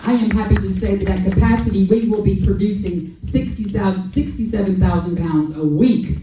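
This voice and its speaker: A woman telling an animated personal story on a festival panel, acting out quoted dialogue and repeating lines for emphasis, heard from a distant mic. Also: mid-range voice, fairly quick, music in the background. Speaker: sanctuary founder on a festival panel. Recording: echoey hall, voice from far off.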